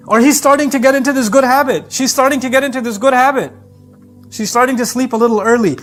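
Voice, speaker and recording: A man giving an animated sermon, emphatic and acting out bits of dialogue. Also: very high-pitched, fairly quick. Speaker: preacher. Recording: faint background music.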